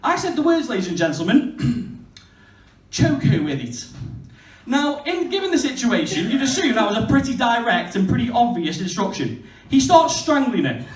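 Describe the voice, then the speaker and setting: A man's voice: very high-pitched, very animated, moderate pace. A man, doing a crude, self-mocking stand-up comedy set on stage. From Stoke-on-Trent, England. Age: 20s. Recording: echoey venue heard from far off.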